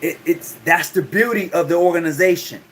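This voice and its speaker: A man's voice: a little high, a little fast, a bit bright, a little hiss or hum. A man hosting a call-in talk show, talking loosely and often repeating his words.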